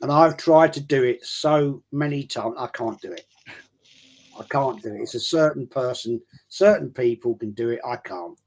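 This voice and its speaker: A man, chatting casually on a live stream. He tells drawn-out anecdotes, stumbling over restarts as he goes. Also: medium pitch, a little mellow. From London. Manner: rambling anecdotal storyteller with frequent restarts.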